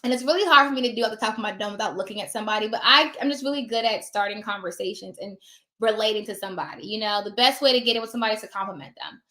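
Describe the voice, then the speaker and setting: A woman talking casually about her notary work, chatty and animated, acting out little scenes of dialogue, sounding tired. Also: mid-range voice, racing, roomy sound. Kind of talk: casual advice talk.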